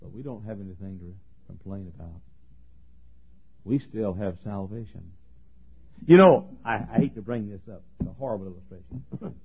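Husky folksy preacher man, tinny recording. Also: fairly low pitch, expressive, moderate pace. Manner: folksy and joking, swings from hushed talk to shouting. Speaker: pastor. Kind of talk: sermon.

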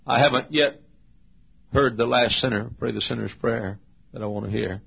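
A male pastor preaching a sermon with emotional storytelling, swinging from hushed tones to shouts. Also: medium pitch, moderate pace, vocal fry, husky. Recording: dull lo-fi sermon recording.

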